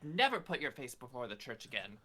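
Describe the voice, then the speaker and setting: A man's voice: medium pitch, big pitch swings, fast talker, sharp tone. A man voicing a haughty, pompous church noble who scolds commoners in a tabletop game. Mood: scornful. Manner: pompous, imperious, insulting.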